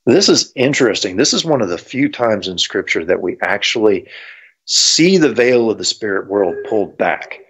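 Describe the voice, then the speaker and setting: A man's voice: on the low side, lively intonation, normal speed, fairly bright tone, breathy edge. A man teaching about the Bible in a conversational way, thinking aloud with fillers, on a dull lo-fi recording. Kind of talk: explanatory Bible teaching talk.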